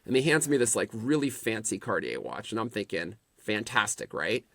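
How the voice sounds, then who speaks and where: A middle-aged man, a podcast guest, telling animated anecdotes in casual conversation and often restarting his sentences. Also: fairly low pitch, a little fast, gravelly, no echo, clean studio sound. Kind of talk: casual storytelling interview.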